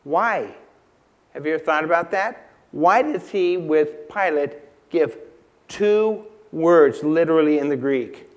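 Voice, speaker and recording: A man preaching a sermon in a church, emphatic and unhurried, asking the congregation rhetorical questions and repeating key lines. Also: fairly high pitch, animated. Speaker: pastor.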